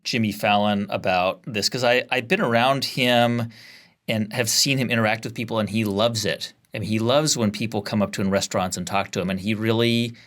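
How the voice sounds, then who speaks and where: A man's voice: lowish voice, steady tone, fairly quick, fairly bright tone. A man hosting an interview, mostly giving brief affirmations and asking long, searching questions. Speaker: podcast host. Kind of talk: interview host.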